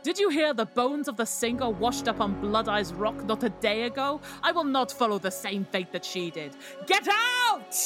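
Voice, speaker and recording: A woman's voice: mid-range voice, normal speed, over music, natural voice. A woman playing a furious sea spirit. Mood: raging. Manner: yelling, wrathful.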